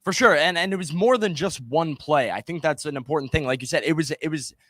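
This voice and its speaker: A man's voice: a little high, fairly bright tone, dry recording. Analytical sports co-host man. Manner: measured, analytical, uses "I mean" and "you know". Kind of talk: casual sports talk.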